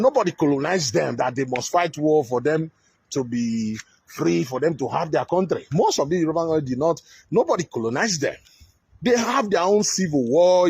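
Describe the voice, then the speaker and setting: A man's voice: high-pitched, breathy edge, low-quality recording. A man with a Nigerian accent giving heated, scornful commentary, with many fillers and restarts. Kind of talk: ranting commentary.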